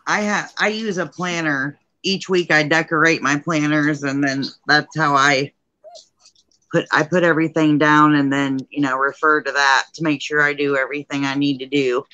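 A woman chats on a home craft live stream, her voice bright and forward. She laughs often and rambles easily. The sound is close and dry, with no room around it. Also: low voice, steady tone, normal speed, no room sound, muffled recording. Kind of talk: casual chat.

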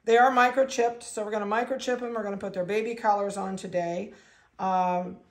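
A woman breeder narrating a casual video, chatting along and cooing softly to the animals she handles. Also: mid-range voice, fairly even intonation, fairly quick. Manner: chatty, coos softly to puppies. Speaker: dog breeder.

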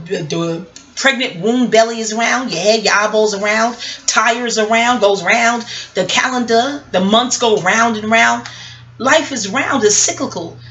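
A woman's voice: on the high side, fairly bright tone. A woman giving rambling, profane commentary in a casual, scattered way, jumping from one thought to the next. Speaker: online commentator. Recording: audio-only home recording.

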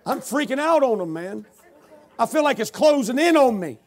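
A man preaching at a revival, telling his own story. His voice sits very high, and he climbs from low, quiet narration into loud shouted scripture. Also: very animated, normal speed, a faint crowd. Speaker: preacher giving testimony. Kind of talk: revival sermon testimony.

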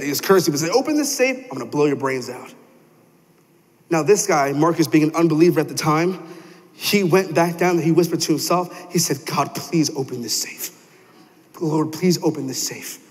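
A young man preaching a sermon in a church, telling stories animatedly and acting out quoted voices. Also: high-pitched. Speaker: pastor. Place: church sanctuary. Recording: long hall reverb.

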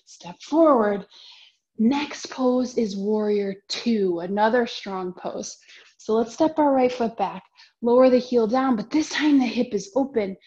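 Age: young adult. Role: soft-spoken kids' yoga teacher with a gentle, sing-song delivery. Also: female voice, a little high. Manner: slow, encouraging, sing-song cues with animal sounds. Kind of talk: guiding a children's yoga class. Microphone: camera mic. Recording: dull lo-fi home video sound.

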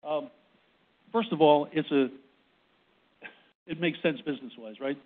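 A man's voice: on the high side, a little slow. Breathless man, tinny presentation audio. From Boston. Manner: repetitive restarts, frequent "right?" checks. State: short of breath. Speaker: presenter on a panel. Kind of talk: workplace presentation talk. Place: conference room with audience. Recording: tinny phone-like recording.

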